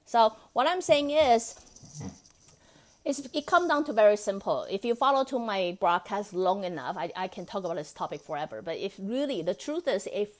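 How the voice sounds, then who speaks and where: A woman, a non-native English speaker, talking as a spiritual coach in a podcast monologue, gently acting out inner dialogues and laughing often. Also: medium pitch, lively intonation, moderate pace. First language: not English. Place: Vancouver.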